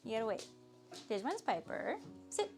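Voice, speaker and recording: A woman's voice: a little high, sing-song, normal speed, music in the background. A woman filming a casual home vlog in her kitchen, chatting to her dogs in a sing-song pet voice. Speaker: vlogger.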